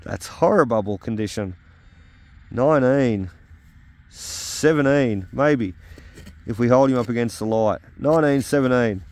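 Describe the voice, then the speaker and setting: A man's voice: mid-range voice, a little slow, long pauses, darkish tone. Upbeat Australian man outdoors. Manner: upbeat and chatty, with frequent 'uh' fillers. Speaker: metal detecting vlogger. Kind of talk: casual outdoor commentary. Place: outdoors at an old house site.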